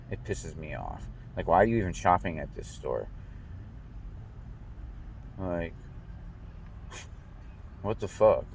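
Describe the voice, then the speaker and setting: A man's voice: low-pitched, a little hiss or hum. A young American man ranting in casual talk, swearing often and stumbling over restarts as he rambles. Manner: profane, rambling, stammers and restarts. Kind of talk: casual rant.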